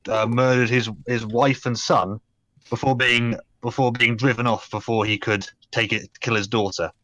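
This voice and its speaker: A young man narrating as game master in a tabletop game, talking haltingly with many fillers. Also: medium pitch, fairly bright tone, dry recording.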